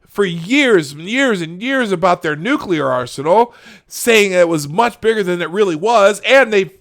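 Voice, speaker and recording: A man hosting a political commentary show, ranting with a heated and sarcastic edge. His voice sits fairly high and swings widely in pitch, jumping from low muttering to loud outbursts. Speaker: host.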